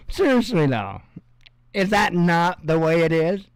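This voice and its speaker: Slow-talking, sarcastic male news host. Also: on the high side, sing-song, dry recording. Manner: rambling and sarcastic, with mocking asides. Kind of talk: casual news commentary.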